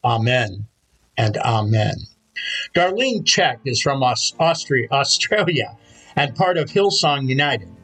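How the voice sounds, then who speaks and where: A man preaching a sermon in a measured, storytelling manner. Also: medium pitch, expressive, a bit bright, husky, rough recording. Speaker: pastor.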